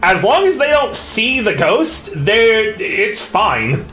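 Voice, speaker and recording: A male game master with a very high, bright voice explains the rules casually and jokes with his players. His voice bounces around a roomy space with a faint music bed under it. His pitch rises and falls in a lively way. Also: slow pace. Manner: joking, explains rules, laughs often. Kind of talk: casual tabletop game narration.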